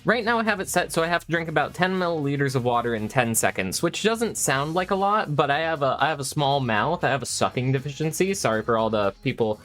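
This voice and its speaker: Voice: medium pitch, lively intonation, fast, hardly any pauses, a bit bright, faint music behind. Rambling, foul-mouthed young vlogger. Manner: rambling, heavy swearing, self-mocking. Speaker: maker video host. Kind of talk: casual build vlog. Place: home room with candles.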